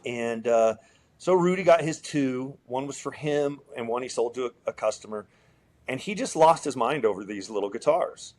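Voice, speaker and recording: A man who builds guitars, telling a story in a relaxed, rambling way, with lots of fillers and quoted dialogue as an interview guest. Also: mid-range voice, normal speed.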